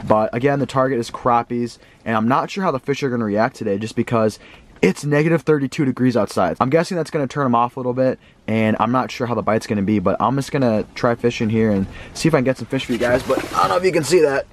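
A young man vlogging outdoors on a frozen lake, casually talking to his viewers and getting excited. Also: mid-range voice, fast. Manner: excitable, talks straight to viewers. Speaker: fishing vlogger. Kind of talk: casual vlog commentary.

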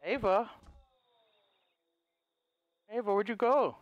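A young man commentating as he plays a killer in a video game, taunting and giggling and often yelling, on a headset mic. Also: extremely high pitch, lively intonation, a little slow, clean tone, dry recording, soft background music. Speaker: gamer.

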